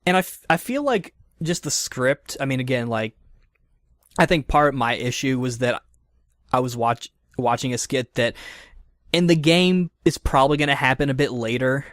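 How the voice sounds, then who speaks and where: A man's voice: medium pitch, normal speed, a bit bright, no room sound, studio quality. A man hosting a casual podcast discussion, thoughtful and hedging, with many fillers and restarts. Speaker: podcast host.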